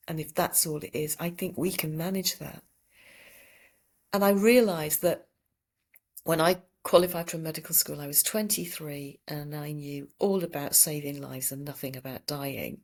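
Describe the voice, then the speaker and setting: A woman in her sixties, a palliative care doctor, telling stories from her work in a gentle, reflective way in a podcast interview. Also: low-pitched, fairly even intonation, normal speed. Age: 60s. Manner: reflective, gentle, recounting patient stories with quoted speech.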